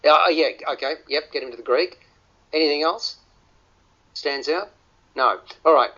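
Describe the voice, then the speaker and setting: Stammering radio film host. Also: male voice, fairly high pitch, moderate pace, pushed and bright, breathy edge. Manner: stammering restarts, repeated words. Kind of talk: radio film review panel chat. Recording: dull lo-fi radio audio.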